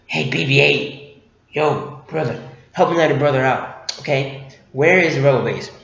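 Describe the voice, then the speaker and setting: A man's voice: mid-range voice, normal speed, creaky, a bit bright. A man voicing a nervous young male ex-soldier who talks defensively and pleads, in an echoey room. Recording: echoey room, dull lo-fi sound.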